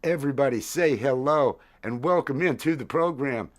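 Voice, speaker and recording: A man hosting a live stream, chatting loosely with viewers and greeting them by name while high. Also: normal speed. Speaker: livestream host and musician. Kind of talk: casual chat to a live stream audience. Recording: echoey room with loud music behind. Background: loud music.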